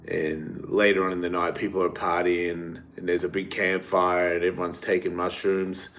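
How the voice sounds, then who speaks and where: Man, podcast host, lowish voice, rambling casual storytelling, swears freely. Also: flat delivery, moderate pace, fairly bright tone. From Australia. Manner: rambling, swearing, laughs often.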